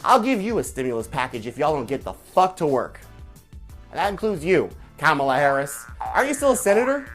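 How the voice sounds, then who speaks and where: A man's voice: fairly high pitch, sing-song, a little fast, a bit bright, faint music behind. A man hosting a live stream, ranting with profanity and firing off repeated rhetorical questions. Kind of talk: angry political rant on a live stream.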